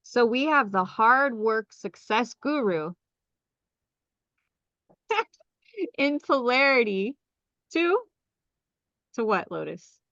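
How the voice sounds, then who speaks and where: A woman giving an astrology lesson on a live group call, enthusiastic and animated, often asking her listeners questions. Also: fairly high pitch, slow pace, pauses often, no room sound, dull audio. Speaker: astrology teacher.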